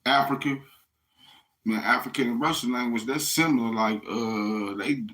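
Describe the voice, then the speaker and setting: A man's voice: mid-range voice, normal speed, a bit bright. A man from the United States rambling in a casual monologue, profane and slangy, talking straight to his listeners. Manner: profane, slangy street talk, addressing listeners directly.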